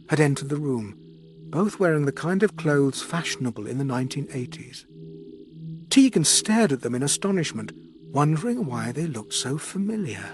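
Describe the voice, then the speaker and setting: A man reading an audiobook aloud in a measured, expressive way. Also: fairly high pitch. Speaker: audiobook narrator. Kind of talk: scripted audiobook narration.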